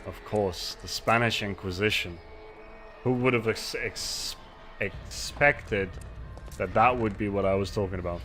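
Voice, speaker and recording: A man's voice: fairly low pitch, unhurried, a bit bright, soft background music. A man streaming a game, chatting casually, rambling and mocking himself while reading chat aloud into a desk microphone.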